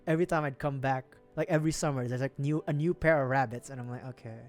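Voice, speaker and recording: A man's voice: medium pitch, fairly even intonation, fast talker, faint music behind. A man from the Philippines, streaming, telling a story casually, laughing often and swearing freely.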